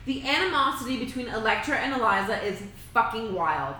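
A woman with a bright voice and a lively, swooping pitch gives frank opinions on a book, swearing casually. Her voice bounces around a very echoey room. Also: a little fast, a little hiss or hum. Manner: expressive, blunt, swears casually. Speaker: podcast co-host.

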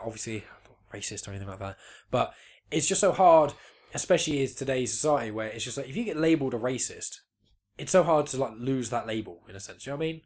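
Fast-talking young man in casual chat. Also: medium pitch. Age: 20s. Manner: rambling, swearing, many restarts. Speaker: podcast co-host.

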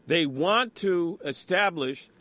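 A man hosting a political radio talk show in a studio, talking in an animated, rhetorical, conversational way. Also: on the high side, slow, no echo.

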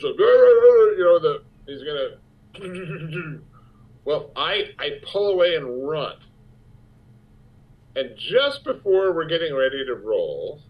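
A man recounts a story as an interview guest, his pitch swinging widely as he acts out what others said. He swears freely and talks with energy. The sound is dull and lo-fi. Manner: animated, profane anecdote-telling with acted-out quotes. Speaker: actor guest.

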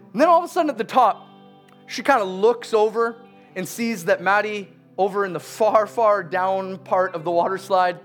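A man with an unusually high voice tells a sermon story about his daughter. He is animated and laughs along the way, slowing to a crawl on the key lines. Faint music plays underneath.

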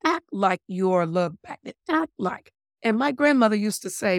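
A woman speaking as a body language expert in a casual interview, talking in an animated, emphatic way with playful wordplay and calling listeners "my lovelies". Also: mid-range voice, normal speed, vocal fry, no room sound, studio quality.

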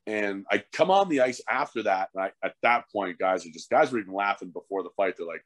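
A man's voice: sits low, fast, few pauses, no room sound. A middle-aged man, a former hockey fighter turned coach, telling stories in a casual, profane podcast chat. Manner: profane, animated storyteller.

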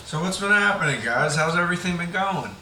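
A man's voice: high-pitched, expressive, fairly quick, bright, forceful tone, echoey room, a little hiss or hum. A man hosting a podcast in casual chat, joking with profane banter. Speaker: podcast host.

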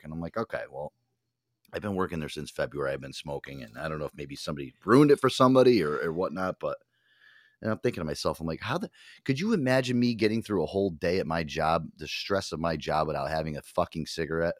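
A man hosting a podcast, talking casually and animatedly, swearing often and mimicking other people in loud high voices. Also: lively intonation, fast, no echo, clean studio sound. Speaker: podcast host. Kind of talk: casual chat.

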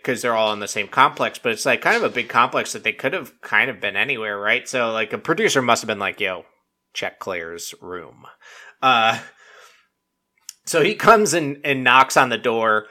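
A man hosting a podcast, recapping a show in casual, rambling chat full of swearing and filler words. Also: medium pitch. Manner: rambling and profane, heavy use of "like"; animated storytelling with mock quotes. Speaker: podcast host recapping a reality dating show.

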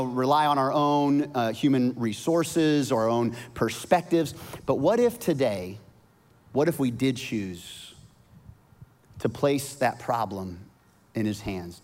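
A middle-aged male pastor preaching a sermon, telling a family story with animated swings and soft, quiet asides. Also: medium pitch. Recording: long reverb of a large hall.

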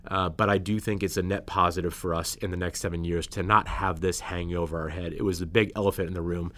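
A man's voice: sits low, fairly even intonation, fast, a bit bright. A man, a state legislator, answering listener questions on a podcast in an earnest, explanatory way, setting out his points one by one. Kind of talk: podcast policy discussion.

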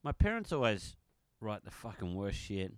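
A man's voice: fairly low pitch, big pitch swings, moderate pace, dry recording. A young Australian man co-hosting a podcast, chatting in a laid-back, agreeable way with plenty of swearing. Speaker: podcast co-host. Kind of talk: casual chat.

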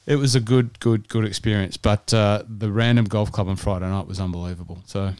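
A man's voice: lowish voice, steady tone, brisk, darkish tone, clear, resonant tone, dry recording. An Australian man co-hosting a podcast, telling stories in casual chat with frequent restarts. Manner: chatty storytelling with restarts. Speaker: podcast co-host.

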